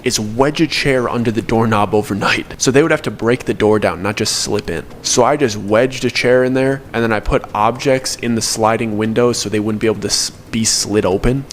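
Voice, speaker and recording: A man's voice: medium pitch, slight background noise. A young man narrating a personal story in the first person, earnest and confessional, now and then correcting himself.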